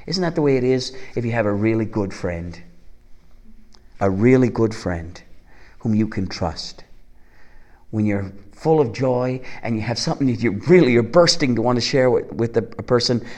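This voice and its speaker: A man's voice: medium pitch, animated, normal speed, a little mellow. A man preaching a sermon, earnest and asking the congregation rhetorical questions.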